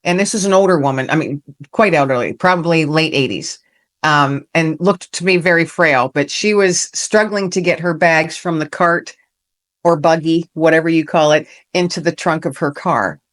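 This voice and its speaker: A woman's voice: deep voice, moderate pace. A middle-aged woman, a podcast guest, telling a personal story in an earnest, heartfelt way and acting out the lines people said. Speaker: podcast guest, author and veteran.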